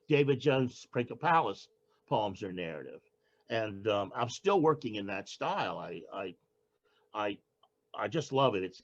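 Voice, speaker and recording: An older man speaks casually as a poet being interviewed. He keeps restarting and searching for words at a middle pitch, and the recording sounds dull and lo-fi. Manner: halting, with frequent restarts and fillers. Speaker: poet guest.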